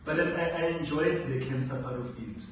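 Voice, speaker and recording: A man's voice: mid-range voice, brisk, a little hiss or hum. A young man, a medical student speaking hesitantly and casually about his studies. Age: young adult. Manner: hesitant, trailing casual talk. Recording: echoey room, distant mic.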